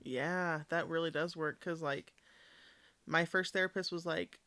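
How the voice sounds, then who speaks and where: A woman's voice: low voice, steady tone, measured pace, sharp tone, no echo. A woman in casual chat, speaking frankly and swearing now and then.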